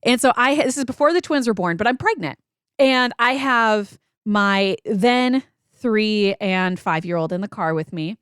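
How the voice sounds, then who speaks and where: A woman in her thirties, a podcast co-host, telling a story in a casual faith chat, animated and laughing often. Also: mid-range voice, measured pace, smooth, dry recording, studio quality.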